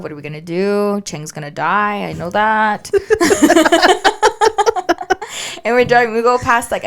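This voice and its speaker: A woman co-hosting a podcast, telling a story in casual chat and acting out the voices of the people in it. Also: medium pitch. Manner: animated storytelling, acts out quoted dialogue. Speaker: podcast co-host.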